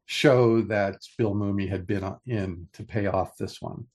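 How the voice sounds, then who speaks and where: An older man co-hosting a podcast in casual chat, pitching story ideas with enthusiasm and frequent restarts. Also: unhurried, darkish tone. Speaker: podcast co-host.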